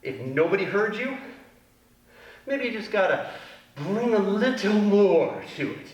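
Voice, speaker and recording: A man's voice: sits high, big pitch swings, unhurried, highs cut off. A man leading a children's taekwondo class, upbeat and playful with goofy asides. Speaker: kids' taekwondo instructor in costume. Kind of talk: children's fitness class instruction. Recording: echoey room from a distance with music.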